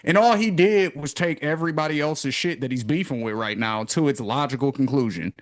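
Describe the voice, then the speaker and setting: A man hosting a casual podcast chat, ranting in a profane, animated way. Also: on the high side, fairly quick, no echo, clean studio sound. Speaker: podcast host.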